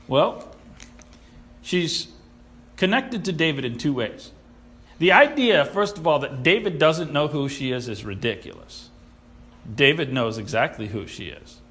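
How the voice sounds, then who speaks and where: A man preaching a sermon, animated and sarcastic, who acts out the people he quotes. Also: fairly high pitch. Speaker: pastor.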